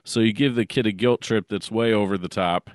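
A man with a fairly low voice talks earnestly in casual podcast chat. He uses many fillers like "you know." The sound is dry and close. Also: a little fast, dry recording. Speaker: podcast co-host.

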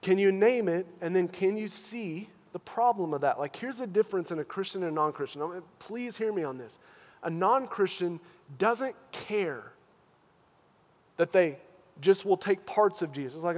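Earnest high-voiced male pastor preaching. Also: animated, normal speed, in a large hall. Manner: earnest, questioning, swings from hushed to loud. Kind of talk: sermon.

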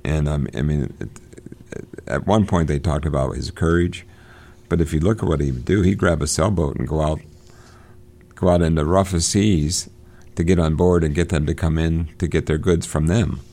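A man with an extremely deep, gravelly voice reads passages from a novel aloud to a small group. He stops to explain, halting with fillers and false starts. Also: mellow. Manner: halting, many fillers and restarts. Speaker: discussion leader. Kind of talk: reading aloud and discussing a novel.

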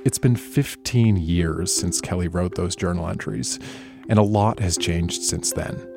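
A man hosting a podcast, narrating and gently asking a guest questions. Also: deep voice, a little slow, creaky, over loud music. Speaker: podcast host. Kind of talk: interview and narration.

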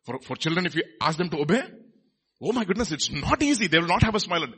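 A man's voice: high voice, very animated, quick pace, pushed and bright, slightly rough. A man preaching a sermon, asking the congregation questions as he teaches from scripture. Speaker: pastor.

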